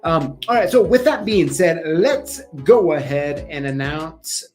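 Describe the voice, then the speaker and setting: A man's voice: on the high side, expressive, a little slow. A man hosting a casual live show, chatting loosely with lots of ums and easy laughs. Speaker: show host. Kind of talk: casual livestream chat. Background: faint music playing.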